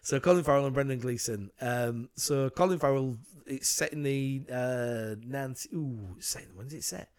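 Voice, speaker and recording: A man's voice: mid-range voice, normal speed, hardly any pauses. Rambling man retelling a film. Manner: rambling, retells scenes with quoted lines. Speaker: podcast co-host. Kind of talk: casual film review chat.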